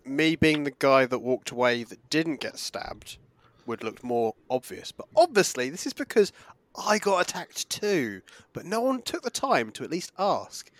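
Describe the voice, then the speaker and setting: A man's voice: fairly high pitch, sing-song, unhurried, fairly bright tone, no room sound. A man playing a tabletop game, talking in a sarcastic, joking way. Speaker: player.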